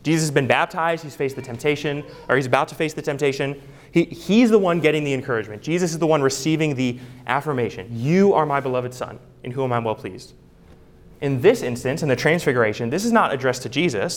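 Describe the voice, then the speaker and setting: Earnest man preaching a sermon. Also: a little high. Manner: earnest, emphatic with rhetorical questions.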